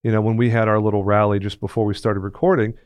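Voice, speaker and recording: A man's voice: lowish voice, level tone, fast talker, darkish tone, smooth, no echo. A man from Texas who hosts a podcast and talks in a chatty, joking, friendly way. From Texas, United States. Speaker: podcast host. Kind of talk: casual interview chat.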